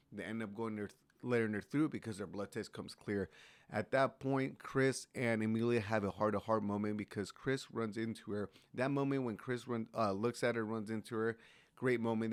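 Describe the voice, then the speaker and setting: Man, low voice, casual show recap, rambling with fillers, dry close sound. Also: no echo. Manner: rambling, many fillers and restarts.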